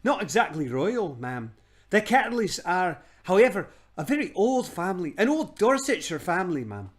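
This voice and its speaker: A man voicing a nervous, fawning old gentleman magician who stammers, in a storybook read-aloud. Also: high voice, big pitch swings, normal speed, voice pushed up.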